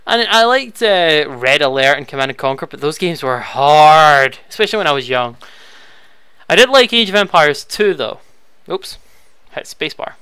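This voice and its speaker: A young YouTube Let's Player rambles through viewer questions in a casual Q&A, talking into his headset in a room at home. He's chatty and quick to get flustered, with a fairly high, bright, clean, smooth voice that swings widely in pitch, recorded close and dry with no echo.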